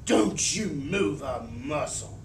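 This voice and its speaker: Man doing an angry mom hissing low orders like a snake, roomy far-off sound. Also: very animated, very slow, a bit bright, full character voice. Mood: menacing. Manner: low hissing menace, clipped commands. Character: furious mother, hissing low and stern. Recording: roomy, from a distance, faint hiss.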